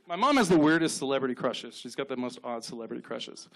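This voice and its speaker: A man in his thirties doing stand-up on a club stage, telling deadpan stories and acting out short quotes. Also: medium pitch. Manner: deadpan storytelling with quick acted-out quotes. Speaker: stand-up comedian. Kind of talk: stand-up set.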